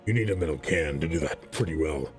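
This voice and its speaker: A man voicing a huge, grim brute, slow and terse, in a deep gravelly rumble. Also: soft background music. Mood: gruff.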